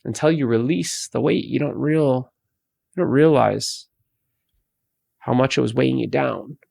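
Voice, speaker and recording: A man teaching about emotions in a slow, repetitive way, often restarting his sentences. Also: medium pitch, gravelly, darkish tone, no echo. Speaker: meditation teacher. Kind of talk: spoken guidance talk.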